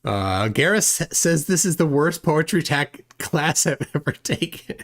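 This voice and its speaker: A man hosting a casual livestream, reading viewer comments aloud. His voice sits a little high for a man. He rambles and restarts, joking at his own expense. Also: sing-song, measured pace, a bit bright. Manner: rambling and self-deprecating, with frequent restarts and chuckles. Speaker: livestream host.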